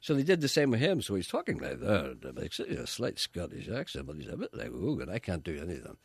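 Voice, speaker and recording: A man's voice: lowish voice, wildly swooping pitch, quick pace, creaky, breathy edge, no echo. A man hosting a radio show, teasing his co-host with wry, mock-grand comic banter.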